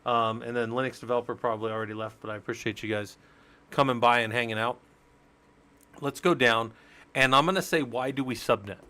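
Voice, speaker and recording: A man in mid pitch teaches networking on a relaxed live stream. He walks through each step in a chatty way and banters with his viewers as he goes. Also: brisk, pauses often, clean tone. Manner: chatty, explains step by step, jokes with chat. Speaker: live-stream Linux instructor.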